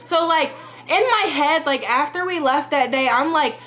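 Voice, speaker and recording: A young woman vlogger telling a story to camera, chatty and loose, her speech packed with fillers. Her voice is bright and a little higher than most. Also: moderate pace, soft background music. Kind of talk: storytime vlog.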